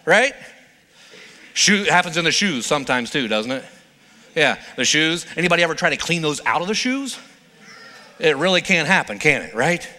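A man's voice: fairly high pitch, big pitch swings, moderate pace, long pauses, bright, forceful tone, long reverb tail. A male pastor preaching a sermon in a playful, conversational storytelling manner.

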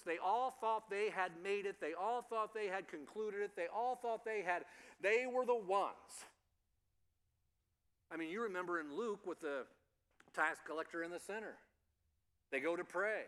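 High bright preacher in a reverberant hall. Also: male voice. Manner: preaching with rising emphasis and soft drops for quiet lines; uses fillers like um and uh while explaining. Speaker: pastor. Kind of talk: sermon.

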